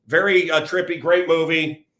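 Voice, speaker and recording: Older guy ranting to camera, bright forceful voice, a bit high, blunt and rambling. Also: flat delivery, moderate pace. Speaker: host. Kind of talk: casual monologue to camera.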